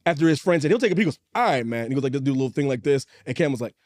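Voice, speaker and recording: A middle-aged man co-hosting a podcast, telling a story in casual chat and acting out the quotes. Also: very fast. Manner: animated, acts out quotes with big pitch jumps. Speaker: podcast co-host. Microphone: studio mic.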